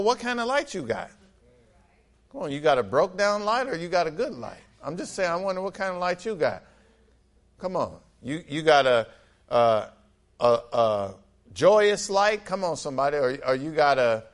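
Man preaching with lively call-and-response. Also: on the high side, moderate pace. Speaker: pastor. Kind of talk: sermon.

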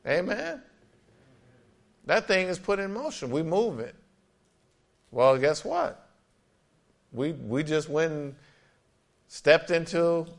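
A man pastor preaching an emphatic sermon with frequent amens and scripture readings. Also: a little high.

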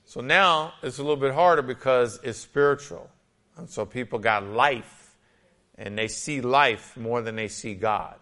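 A male pastor preaching a lively, conversational sermon, often acting out little scenes and quotes. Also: mid-range voice, a little slow.

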